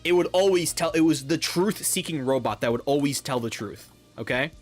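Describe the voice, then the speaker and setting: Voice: mid-range voice, brisk, faint music behind. A gaming YouTuber ranting over gameplay in a heated, profane way, often repeating words.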